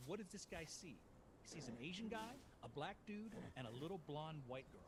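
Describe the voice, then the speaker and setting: A man's voice: fairly high pitch, fairly quick, heavy background noise. A middle-aged man telling a long anecdote as a guest, laughing and acting out what people said. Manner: lively, laughing, acts out quotes, shouts in bursts. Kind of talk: animated anecdote storytelling.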